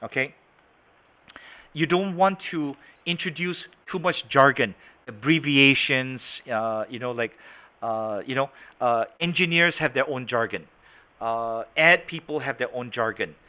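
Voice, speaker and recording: A man's voice: medium pitch, unhurried. A man leading an online sales training session, demonstrating points and often checking whether the audience follows. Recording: tinny phone-like online call audio.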